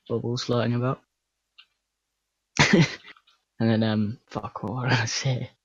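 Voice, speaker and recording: A man's voice: medium pitch, fairly even intonation, slow pace, pauses often, fairly bright tone, slightly rough, no echo. A young man playing a tabletop game, loose and laughing, swearing casually. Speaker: player. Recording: dull lo-fi mic.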